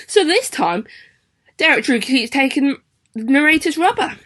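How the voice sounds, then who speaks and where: A woman's voice: high voice, lively intonation, normal speed, fairly bright tone. A young woman, a primary school teacher giving a chatty, encouraging video lesson to children. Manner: chatty, encouraging, sing-song questions to pupils.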